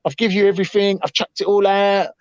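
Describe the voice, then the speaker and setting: A man telling a story to a live panel, animated and swearing freely. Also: high-pitched, fast, no echo. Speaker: panel host. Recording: dull, dry online stream audio.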